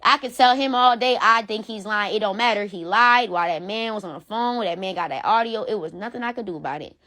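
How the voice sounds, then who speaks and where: A woman's voice: mid-range voice, brisk, bright, forceful tone. A woman ranting on a phone live stream, blunt and profane, repeating herself for emphasis. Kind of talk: heated casual rant.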